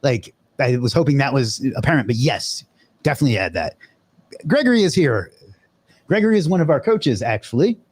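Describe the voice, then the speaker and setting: A man's voice: mid-range voice, very animated, fairly quick, darkish tone, husky, dry recording. A man hosting a live webinar in a loose, casual way, swearing now and then and using lots of fillers. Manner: loose and profane, with many fillers. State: out of breath.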